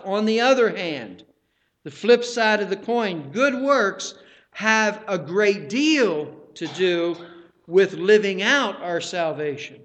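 A male pastor delivers a sermon to his congregation. His voice sits high and he preaches at an unhurried pace. He stresses key words and speaks straight to the listeners. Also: a bit bright.

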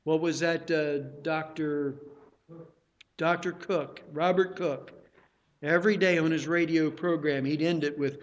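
High-voiced man preaching slowly. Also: dull audio. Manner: deliberate, repeats phrases for emphasis; exhorting the congregation with questions. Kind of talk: sermon.

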